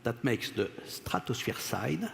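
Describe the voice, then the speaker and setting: A man's voice: mid-range voice, very animated, creaky, fairly bright tone. Male lecturer, French accent, hesitant delivery, reverberant hall. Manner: apologetic, halting, with frequent pauses and fillers. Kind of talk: conference lecture. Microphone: stage microphone.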